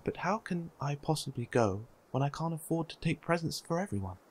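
Man voicing a meek, broke storybook character: soft, murmured, goes high when rattled. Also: animated, a little fast, slightly rough. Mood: glum. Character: poor, gentle, downcast little man.

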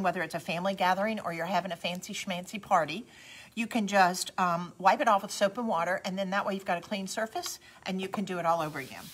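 Talking straight to her viewers, a Southern-accented craft host in middle age demonstrates a product during a laid-back live session, chatty and homespun. She speaks in a mid-range, fairly bright voice, with a little hiss or hum in the recording.

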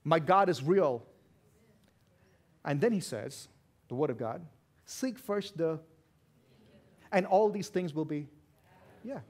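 A man preaching with a noticeable non-native accent and a fairly high voice. He is loud and driven, swinging between forceful shouts and hushed, intimate asides. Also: animated, normal speed, long pauses. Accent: non-native English accent. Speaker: pastor. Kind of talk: sermon.

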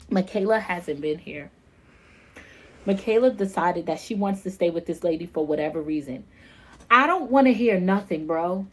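A woman's voice: lowish voice, expressive, unhurried, pauses often. A woman in her thirties, a mother venting in an exasperated, repetitive, pleading way in a vlog rant.

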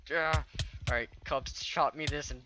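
A young man giving jokey live game commentary with loud outbursts, recorded at a home gaming setup. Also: a little high, steady tone, a little slow, music in the background. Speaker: gaming YouTuber.

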